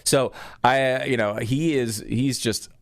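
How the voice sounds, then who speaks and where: A man guest commentator on a political talk show, exasperated and halting, restarting his sentences often. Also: medium pitch, steady tone, no room sound, clean studio sound.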